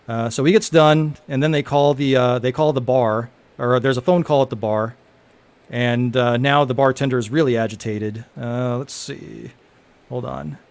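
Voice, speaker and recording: Man haltingly reading his own script. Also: medium pitch, fairly even intonation. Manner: halting, laughing, many fillers. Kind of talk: casual script reading to friends.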